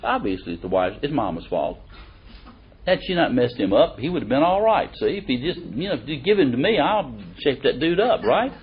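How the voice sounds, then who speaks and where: A middle-aged man giving a conversational sermon in a folksy, animated way, who reads verses aloud with emphasis. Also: mid-range voice, a little fast, a little hiss or hum. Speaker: preacher or Bible teacher. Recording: dull lo-fi recording.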